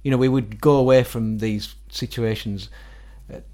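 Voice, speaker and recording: Lively middle-aged Northern English man telling stories. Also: mid-range voice, normal speed. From England. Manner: animated, quotes others in acted-out voices, laughs often. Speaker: guest musician. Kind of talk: casual storytelling interview.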